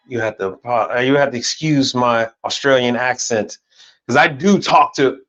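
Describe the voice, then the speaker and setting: A livestream host in Houston, Texas talks bluntly and swears a lot during a casual chat, staying animated throughout. His voice is mid-range at a normal speed, the audio is dull, and soft music plays in the background.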